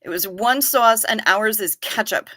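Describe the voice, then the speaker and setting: A woman hosts a live stream and chats with her viewers in an unhurried, drawn-out way, reading their comments aloud. Her voice is bright and forward, and her delivery is wry and loose, with casual swearing and frequent giggles. The sound is dry and close, with no room echo. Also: mid-range voice.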